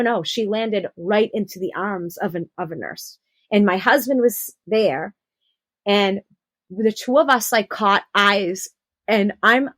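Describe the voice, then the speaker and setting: A young adult woman telling her personal birth story on a podcast, animated and acting out the quotes. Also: mid-range voice, dry recording. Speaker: podcast guest.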